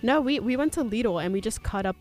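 A woman's voice: a little high, lively intonation, fairly quick, a little mellow, soft background music. A young woman co-hosting casual chat, laid-back and full of fillers as she tells a story. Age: young adult. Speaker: co-host.

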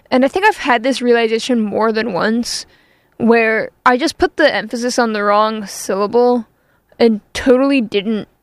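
A woman's voice: a little high, no room sound. A woman radio host chatting casually on air between songs, self-deprecating and chatty, with frequent fillers.

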